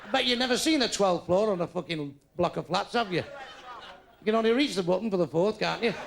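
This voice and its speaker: A man's voice: sits high, a little slow, vocal fry. An older man doing live stand-up, bluntly and crudely teasing people in the audience. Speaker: stand-up comedian. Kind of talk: live stand-up crowd work. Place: comedy club stage. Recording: live club recording with background noise.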